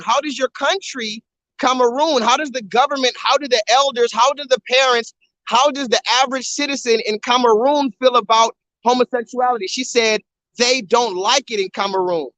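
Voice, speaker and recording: A man's voice: very high-pitched, moderate pace, no echo, rough recording. A man hosting a live stream while walking around, talking on a phone and repeatedly urging viewers to comment in the chat. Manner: animated, repetitive, keeps urging viewers to comment. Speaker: livestreamer.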